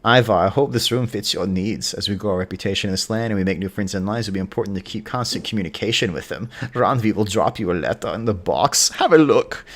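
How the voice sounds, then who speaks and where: A man's voice: on the low side, fast, few pauses. A man putting on a goofy made-up accent to voice a male Viking chieftain. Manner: goofy, exaggerated.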